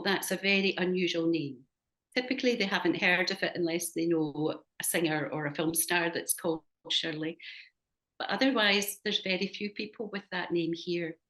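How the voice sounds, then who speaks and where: Scottish woman facilitator, gentle and measured, video-call sound; leads a group exercise. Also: medium pitch. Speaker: workshop facilitator.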